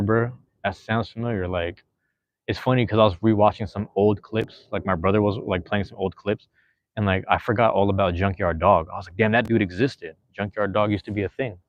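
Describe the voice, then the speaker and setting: On a muffled recording without any room sound, a man hosting a podcast chats loosely while reading the live chat. His voice is on the low side, and he rambles in a laid-back way, heavy on slang and fillers.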